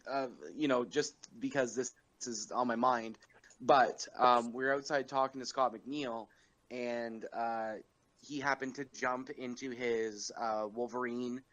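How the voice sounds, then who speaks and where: A man's voice: medium pitch, fairly even intonation, measured pace, a bit bright, low-quality recording. Rambling male podcast host. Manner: rambling, with many fillers and chuckles. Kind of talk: casual podcast chat.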